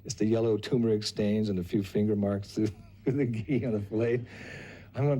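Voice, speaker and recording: An older man recounting a personal memory as a lively storyteller who acts out other people's lines. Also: fairly low pitch, moderate pace. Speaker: devotee recalling memories.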